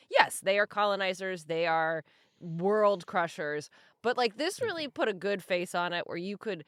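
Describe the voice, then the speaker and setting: Wry, expressive woman podcast co-host. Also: medium pitch, smooth, no echo, clean studio sound. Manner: teasing, wry and quick to laugh. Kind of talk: casual podcast chat.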